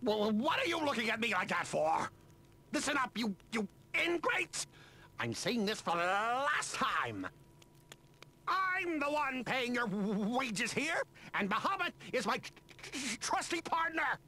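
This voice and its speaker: A man's voice: very high-pitched, sing-song, unhurried, bright, forceful tone, slight background noise, exaggerated voice. An actor playing a bossy, indignant male expedition leader in a video game, who stammers over his words. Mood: grumbling.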